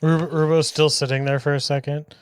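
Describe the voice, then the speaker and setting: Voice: mid-range voice, flat delivery, fairly quick, clean tone, no room sound. A tabletop game player who speaks hesitantly, with fillers. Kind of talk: casual tabletop play.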